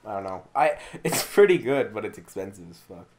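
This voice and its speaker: Teasing male host, lively voice. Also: fairly low pitch, fairly quick. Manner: teasing, laughs often. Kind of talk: casual chat over a video call.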